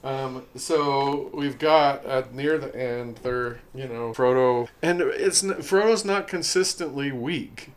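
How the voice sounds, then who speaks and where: Male podcast co-host, mid-pitched, blunt and scoffing in casual film talk. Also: takes it slowly, hardly any pauses. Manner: blunt, dismissive, mocking.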